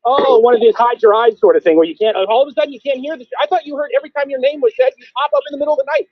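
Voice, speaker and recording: High-pitched sarcastic man on a tinny line. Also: big pitch swings, dry recording. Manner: accusing, sarcastic, rapid-fire questioning. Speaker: stream host. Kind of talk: heated confrontational call-in argument.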